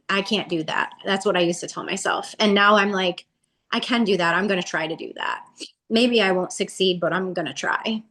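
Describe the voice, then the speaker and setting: A woman in her forties talks through her story as an interview guest, casual and animated. She acts out what people said, and her voice climbs when she does. Her pitch sits in the middle for a woman. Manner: animated, acts out quotes with a rising voice.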